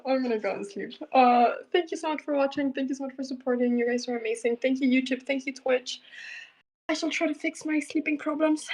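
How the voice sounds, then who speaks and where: A young woman with a high, bright voice talks casually with her stream viewers. She is chatty and laughs often between her words. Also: poor audio. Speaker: chess streamer. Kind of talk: casual live-stream chat.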